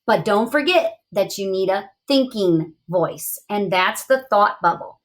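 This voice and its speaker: A woman teaching young children in a read-aloud lesson, asking questions in an expressive, encouraging way. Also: medium pitch, unhurried.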